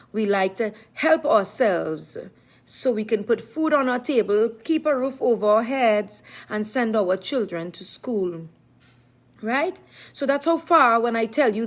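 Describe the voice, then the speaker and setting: A middle-aged woman vlogging live talks casually to her viewers in a slightly high voice. She's emphatic and repetitive, and often refers to herself in the third person.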